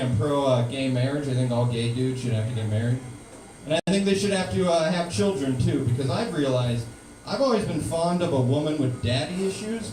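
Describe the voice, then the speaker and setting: A man performing a stand-up comedy set with an ironic, deadpan delivery. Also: a little high. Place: live comedy club. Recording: roomy, distant live room recording with noise.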